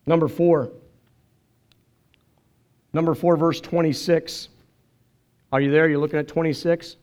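A man's voice: on the high side, steady tone, measured pace, a little mellow, clear, resonant tone. A man preaching a sermon as pastor, earnest and emotional, telling stories and quoting others. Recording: dull lo-fi sermon recording.

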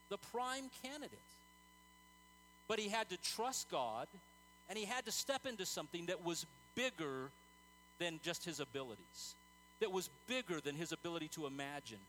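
A man's voice: sits high, a bit bright, slight background noise, rough recording. A man preaching a sermon in an earnest, conversational way, telling stories with many fillers and restarts.

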